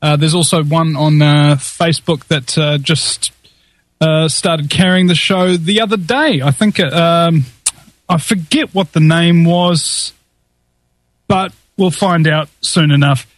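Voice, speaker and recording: A man's voice: fairly high pitch, slow, dry recording. A man with a New Zealand accent hosting an interview show, jokey and rambling. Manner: jokey, rambling, many uh fillers. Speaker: host.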